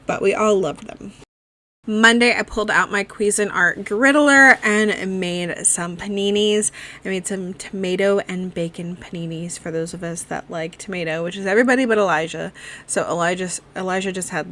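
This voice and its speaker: A woman talks through her week of family dinners in a relaxed, chatty voice-over, moving one step at a time. She drops in the occasional "um" and "like" as she goes. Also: lowish voice. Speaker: cooking vlogger. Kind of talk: casual recipe voice-over.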